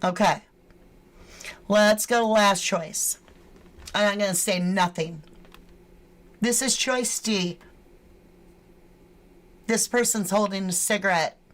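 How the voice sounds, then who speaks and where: A woman hosts a true crime channel and chats casually with her live viewers, greeting them, reading their names aloud and swearing now and then. Her voice is mid-range and slow, with frequent pauses.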